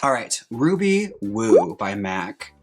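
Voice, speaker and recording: A man's voice: lowish voice, big pitch swings, takes it slowly, background noise. A young man who is a drag queen, chatting campily and theatrically while doing a makeup tutorial. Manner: chatty, campy, theatrical asides. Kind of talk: casual makeup tutorial chat.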